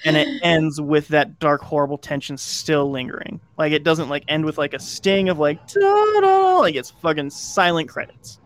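A man's voice: a little high, fairly even intonation, normal speed, few pauses, a bit bright. A man co-hosting a podcast, casually retelling a film plot in a rambling way, with lots of fillers and acted-out quotes. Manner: rambling, lots of "like" and restarts, acts out quoted lines. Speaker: podcast co-host.

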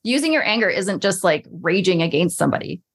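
A woman's voice: on the low side, expressive, quick pace. A woman in a casual podcast chat, talking as a coach, chatty and full of "like", acting out her own inner voice.

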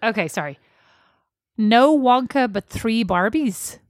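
A woman's voice: a little high, animated, slow, no room sound, studio quality. Playful woman podcast co-host. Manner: playful, teasing, sidetracking. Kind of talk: casual chat reviewing a film.

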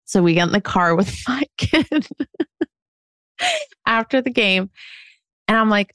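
A woman's voice: mid-range voice, unhurried, pauses often, a bit bright, smooth, no echo. Candid woman in her forties, dry studio. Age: 40s. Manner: candid, self-mocking storytelling with frequent laughs. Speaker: podcast co-host. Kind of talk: casual chat.

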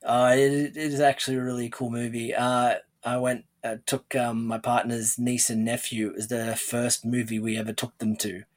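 A man's voice: medium pitch, little pitch movement, moderate pace, hardly any pauses. A man hosting an interview podcast, chatting casually and rambling with restarts and laughs. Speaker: podcast host.

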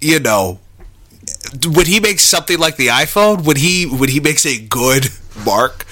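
A man's voice: a little high, lively intonation, measured pace, sharp tone. A man co-hosting a podcast in casual chat, hesitant and searching for his words. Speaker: podcast co-host.

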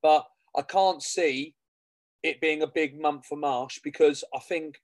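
A man's voice: a little high, steady tone, measured pace, no room sound. A man co-hosting a fan podcast, rambling in casual football chat and repeating himself. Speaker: podcast co-host.

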